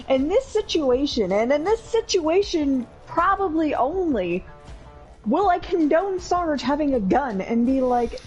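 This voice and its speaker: A woman co-hosting a casual chat, excitable, swearing and reacting loudly. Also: a little high, low-quality recording. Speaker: co-host.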